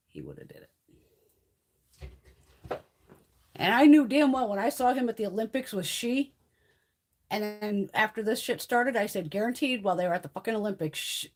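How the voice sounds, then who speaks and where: A woman hosting a beauty livestream, chatting casually in a blunt, profane, animated way and laughing often. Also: mid-range voice, normal speed, pauses often, husky.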